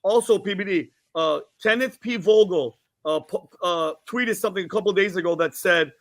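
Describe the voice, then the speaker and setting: Furious high-voiced man on a panel. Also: normal speed. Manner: heated, furious, blunt. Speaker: podcast co-host. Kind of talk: panel discussion.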